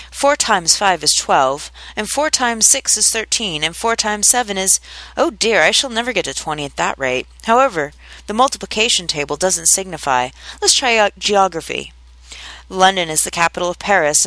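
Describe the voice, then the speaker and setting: A woman's voice: mid-range voice, sharp tone, no room sound, poor audio. A woman voicing a curious, fretful little girl who chatters and wonders aloud to herself in a storybook reading.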